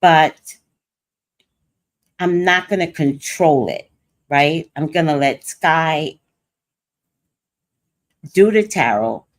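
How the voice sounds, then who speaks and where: This older woman draws out her words in a low-pitched voice, leaving long pauses. As host of a livestream, she tells a personal story in casual chat, animatedly quoting and playing the other people involved.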